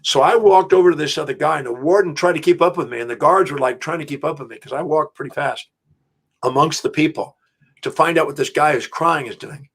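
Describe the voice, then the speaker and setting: A middle-aged man, an interview guest, telling a story in an animated, emphatic way, with restarts. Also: on the high side, brisk, breathy edge. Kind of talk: storytelling anecdote.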